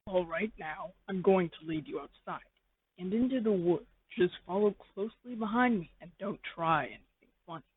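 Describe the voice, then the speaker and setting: A narrator voicing a creepy, teasing young man who talks low and bossy in a fan fiction reading. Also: normal speed, slight background noise, natural voice. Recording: tinny phone-like dry sound.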